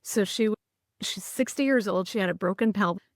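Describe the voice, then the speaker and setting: A woman's voice: mid-range voice, brisk, no echo, studio quality. Earnest woman telling stories. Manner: earnest, recounting stories with many restarts. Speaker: podcast guest, writer. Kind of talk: conversational storytelling.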